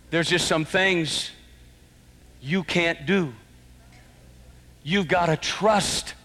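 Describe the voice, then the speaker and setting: A high, bright-voiced male preacher delivers an impassioned sermon, rising to shouts and then dropping to hushed, earnest tones. His voice rings through a church sanctuary with a long reverb trailing each phrase. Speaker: pastor.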